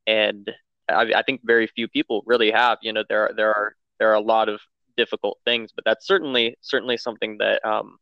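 A man's voice: lowish voice, flat delivery, a little fast, creaky, no echo. A man hosting an interview, answering a guest with searching, repeated words. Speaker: host. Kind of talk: podcast interview. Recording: muffled lo-fi sound.

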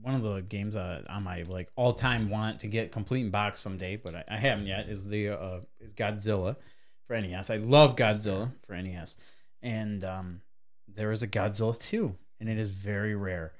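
A man's voice: fairly low pitch, steady tone, normal speed. A man co-hosting a podcast in casual banter, swearing constantly and ranting in mock anger. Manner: profane, mock-angry ranting. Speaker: podcast co-host.

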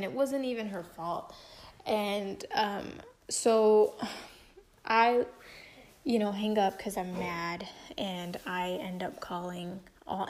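A young woman casually telling a personal story at home, chatty and emotive, full of filler words. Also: mid-range voice.

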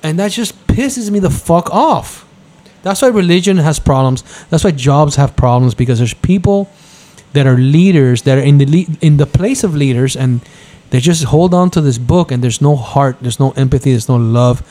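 A middle-aged man hosting a podcast, telling a heated story in casual chat and mimicking others in a higher voice. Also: expressive, normal speed, warm tone. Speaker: podcast host.

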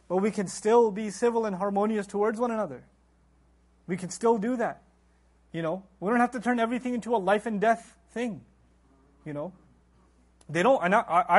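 A middle-aged man giving a religious lecture, animated and acting out quoted voices. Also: sits high. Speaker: Islamic lecturer.

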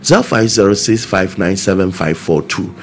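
A man's voice: sits low, moderate pace, a little hiss or hum. Emphatic pastor, man. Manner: emphatic, repeats key phrases. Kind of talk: preaching and appeal for offerings.

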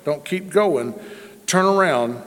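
A man voicing the Holy Spirit as a calm, measured male teacher within his sermon. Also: fairly high pitch, in a large hall. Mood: instructing. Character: calm instructing divine voice, male.

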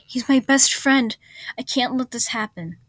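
A woman's voice: medium pitch, steady tone, normal speed, no echo, natural voice. A woman voicing a desperate young man who pleads in a shaky voice that keeps rising. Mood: desperate pleading. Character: desperate young man, frantic with fear for his friend.

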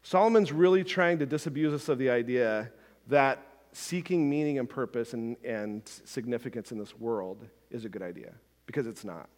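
A man's voice: mid-range voice, normal speed, darkish tone, big-room sound. A man preaching a sermon as a pastor, talking conversationally with frequent asides and restarts.

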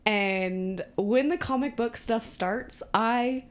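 A woman's voice: fairly high pitch, slow pace. Laughing woman recapping a movie. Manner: animated retelling, acts out characters' lines, laughs often. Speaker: podcast co-host. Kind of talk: casual movie recap chat.

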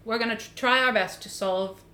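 A woman's voice: fairly high pitch, brisk, bright, forceful tone. A woman co-hosting a podcast, joking dryly and laughing at her own lines. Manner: dry, wry, laughs at her own jokes. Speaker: podcast co-host. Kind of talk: casual comedic chat.

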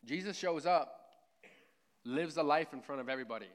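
A man's voice: on the high side, normal speed. A man preaching a sermon at church in a casual, conversational way, often checking in with "right?". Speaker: pastor.

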